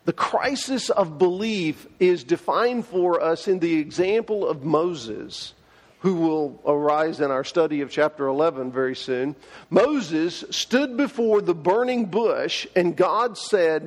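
A man's voice: a little high, expressive, measured pace, in a large hall. A man preaching a sermon, telling the story in a folksy way with paraphrased dialogue, recorded in a church sanctuary. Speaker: pastor.

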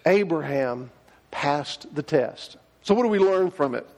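A man's voice: fairly high pitch, lively intonation, unhurried, a little mellow, in a large hall. A man preaching a sermon, telling the story in a folksy way with paraphrased dialogue, recorded in a church sanctuary. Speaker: pastor.

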